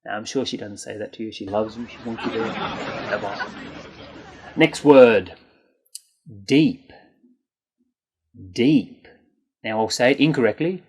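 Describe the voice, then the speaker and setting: Slow, deliberate English pronunciation teacher. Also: mid-range voice, animated, a faint crowd. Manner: slow, deliberate, exaggerated enunciation with repeated words. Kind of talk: scripted pronunciation lesson.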